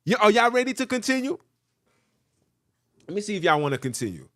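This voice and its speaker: A man hosting a podcast, ranting and joking, looping back over the same phrases. His fairly high voice jumps all over the place, as he mixes comment with reading a letter aloud. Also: fairly quick. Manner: animated, ranting, repeats phrases, jokes. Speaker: podcast host.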